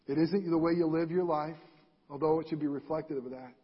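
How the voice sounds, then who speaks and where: A man with a high, husky voice delivers a sermon, driving home his points by repeating them with emphasis. The sound is dull and lo-fi, and it rings with the long echo of a large hall. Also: fairly even intonation, a little fast. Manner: emphatic preaching with repeated phrases. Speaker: pastor.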